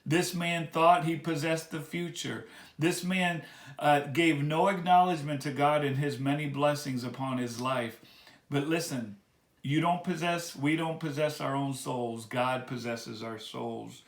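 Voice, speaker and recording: A man's voice: a little high, fairly even intonation, vocal fry. Earnest preacher man in an echoey room. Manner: earnest, repetitive exhortation, slowing on key words. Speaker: pastor. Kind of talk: sermon reflection.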